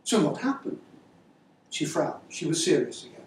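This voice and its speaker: A man reading his novel aloud in a measured, wry way, then answering interview questions. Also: on the high side, big pitch swings, slight background noise. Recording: echoey room, far-off mic, faint ambience.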